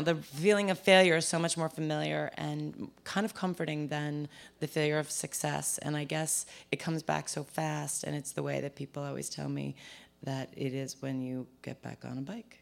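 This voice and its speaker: A woman from the US East Coast tells a personal story live, her voice sitting low for a woman. She speaks casually and pokes fun at herself, often breaking off and restarting her sentences. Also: gravelly. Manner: conversational, self-deprecating, with frequent restarts.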